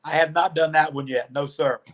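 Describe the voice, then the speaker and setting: A man's voice: on the high side, fairly quick. A middle-aged man, an interview guest and former wrestler, telling long stories and acting out what others said. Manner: animated storyteller, acts out quoted dialogue. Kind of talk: storytelling interview.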